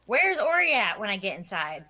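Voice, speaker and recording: A woman's voice: mid-range voice, sing-song, normal speed, pushed and bright. A woman playing a tabletop game in a playful, eager way. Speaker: player.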